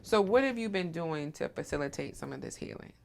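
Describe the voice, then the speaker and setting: A woman hosts a supportive conversational interview in a low, gravelly voice, talking fairly quickly with lively intonation. She's affirming and emphatic, often ending her points with "right?"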